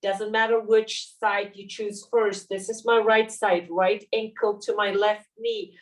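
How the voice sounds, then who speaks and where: A woman leading a yoga class, calmly cueing poses and breaths step by step. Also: medium pitch, unhurried, recorded from a distance, rough recording. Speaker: yoga teacher. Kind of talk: guided yoga class instruction.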